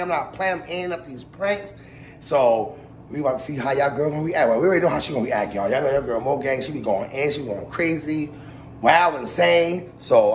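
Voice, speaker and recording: Gravelly high-voiced hyped man. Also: slight background noise. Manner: hyped slangy intro, then mumbling fake sulk. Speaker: prank vlogger. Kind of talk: prank vlog.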